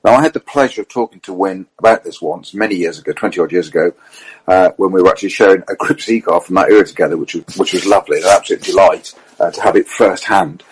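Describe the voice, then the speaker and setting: A middle-aged man, a racing driver and co-host, telling lively anecdotes in casual chat and quoting others as he goes. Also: low voice, fast talker, slightly rough, rough recording. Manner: lively storyteller, quotes others, self-corrects.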